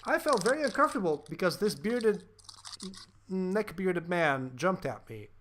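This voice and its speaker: A man's voice: high-pitched, very animated, unhurried, a bit bright, slight background noise. A man hosting a podcast, ranting profanely and animatedly about a film in casual chat, with lots of fillers. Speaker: podcast host.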